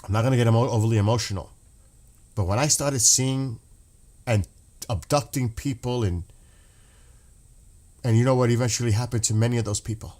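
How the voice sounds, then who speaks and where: A man talking off the cuff to his livestream viewers, impassioned and openly emotional. He rambles, restarts his sentences and swears when upset. His voice sits at an ordinary middle pitch. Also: fairly even intonation, a little fast, pauses often, a little mellow. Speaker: livestream host. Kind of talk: casual livestream commentary.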